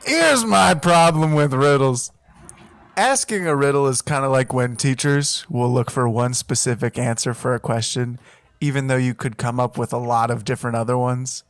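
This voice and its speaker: A man chats as a podcast guest, riffing with deadpan jokes. His voice sits at a middle pitch. The recording is dry and close. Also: moderate pace, smooth, dry recording. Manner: jokey riffing, deadpan asides. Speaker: podcast guest, comedy writer. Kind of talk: casual comedic chat.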